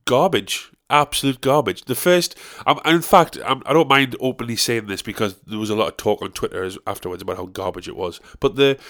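This is casual chat from a man who hosts a podcast: his medium-pitched, fairly bright voice wanders through a foul-mouthed rant that keeps jumping to abrupt peaks of outrage.

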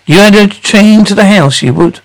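An actress playing a sharp-tongued young married daughter who cuts her father down scornfully. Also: medium pitch, normal speed, close to an everyday voice, low-quality recording. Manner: scornful, cutting.

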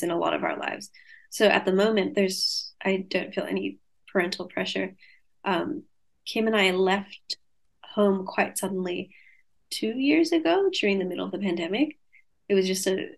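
Reflective young Australian woman, soft-spoken. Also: medium pitch, gravelly. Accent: Australian with a light Californian tinge. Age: 20s. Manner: reflective, soft-spoken, many fillers and restarts. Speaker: guest author. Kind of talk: casual interview over video call. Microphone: video call.

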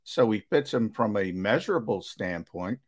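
Co-hosting a sports talk radio show, a man explains his position to the audience at a measured, careful pace. His pitch moves lively, and his speech includes fillers and false starts.

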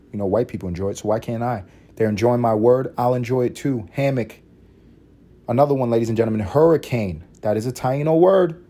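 A Puerto Rican man hosting a podcast, riffing in a loose comedic monologue, profane and animated with sudden loud bursts. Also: mid-range voice, husky. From Puerto Rico. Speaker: podcast host.

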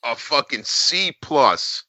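A man co-hosting a casual podcast, with a very bright, sharp tone. He speaks bluntly and swears heavily. The sound is dry and close. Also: mid-range voice, big pitch swings, takes it slowly, dry recording. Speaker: podcast co-host.

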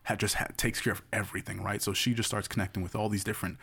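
A podcast co-host with a low-leaning, level, husky voice talks very fast with vocal fry, sounding bright and forceful. In casual chat he rambles through a long story, tagging lines with "right?" to check in.

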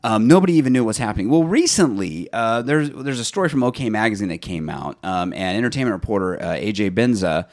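A man's voice: lowish voice, animated, quick pace, few pauses. A man co-hosting an entertainment podcast, rambling and laughing often in casual chat. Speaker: podcast co-host.

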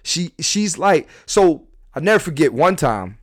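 A middle-aged man hosts a casual podcast and spins a story, acting out the people he quotes. His pitch swings widely and sits a bit high. The sound is dry and close. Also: big pitch swings, unhurried, dry recording. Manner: storytelling, acts out quotes with big pitch jumps and shouts. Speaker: podcast host.

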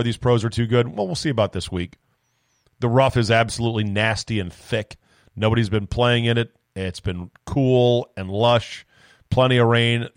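A man hosting a solo sports podcast, talking in a rambling, animated way with profane, self-mocking asides. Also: mid-range voice, dry recording, clean studio sound. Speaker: sports talk podcast host.

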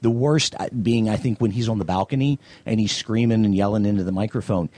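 Man from the South, blunt opinionated podcast co-host, husky, dry sound. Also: fairly low pitch, fast, warm tone, no room sound. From American South. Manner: opinionated, blunt, frequent ums and restarts. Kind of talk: casual movie-review chat.

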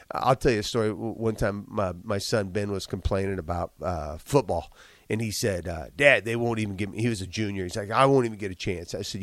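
A man's voice: fairly low pitch, brisk, fairly bright tone, no echo. Congested man telling earnest stories. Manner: earnest, motivational storytelling with frequent restarts. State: congested, slight cough. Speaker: guest, business owner. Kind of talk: casual podcast chat.

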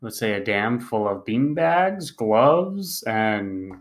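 A man's voice: mid-range voice, big pitch swings, takes it slowly. A man co-hosting a podcast in casual chat, teasing his co-host with dry banter.

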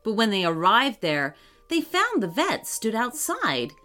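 A woman tells a children's story in a gentle, expressive way, her fairly high voice rising and falling freely. Soft music plays faintly behind her. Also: measured pace.

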